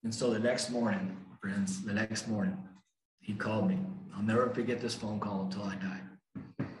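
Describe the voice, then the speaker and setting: An older man gives a recovery talk in a low, grounded voice, driving his points home and repeating the lines he wants to stick. His words ring through an echoey meeting room. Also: steady tone, normal speed, slight background noise. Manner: emphatic, repeats key lines for effect. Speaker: AA speaker.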